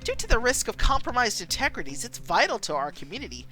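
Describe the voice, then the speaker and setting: A woman's voice: a little high, sing-song, fast talker, sharp tone, faint music behind, pitched above the performer's own voice. A woman voicing a probing female TV news anchor who asks pointed questions.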